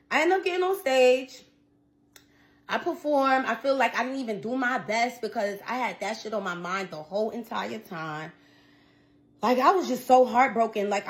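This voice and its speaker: A young woman singer telling a story in a casual vlog, venting in a blunt, profane, slangy way. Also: medium pitch.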